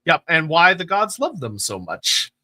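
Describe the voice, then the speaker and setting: A man's voice: fairly high pitch, wildly swooping pitch, a little slow, bright, forceful tone. A chatty, agreeable man co-hosting a casual podcast discussion and reading out listener messages. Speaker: co-host of a lore podcast.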